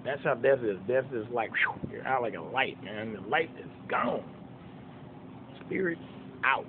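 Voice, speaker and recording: A man's voice: mid-range voice, animated, unhurried. Man in his fifties, emphatic, folksy, informal preaching, tinny phone-like sound, faint car noise. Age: 50s. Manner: emphatic, repetitive, folksy rhetorical questions. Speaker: preacher and songwriter.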